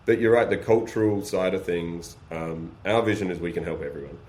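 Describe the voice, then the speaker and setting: A man with a very low voice talks through a casual podcast conversation. He explains energetically, leans on practical examples and throws out rhetorical questions. Faint noise sits under his voice. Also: fairly quick, darkish tone. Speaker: guest, beef supply chain business.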